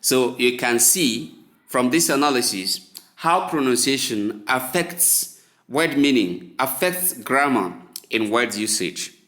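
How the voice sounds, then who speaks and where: Male pronunciation teacher, unhurried and deliberate, spells words out letter by letter, mid-pitched voice. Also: expressive, pushed and bright. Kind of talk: spoken English lesson.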